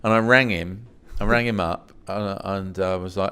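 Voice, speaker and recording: A middle-aged English man with a fairly low voice tells stories from his past in a relaxed interview. He acts out the dialogue, his voice leaping up in pitch for his own quoted lines. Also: normal speed, hardly any pauses, smooth. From England. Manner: animated anecdotes, swooping up high when quoting himself. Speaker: podcast guest. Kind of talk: storytelling in a casual interview.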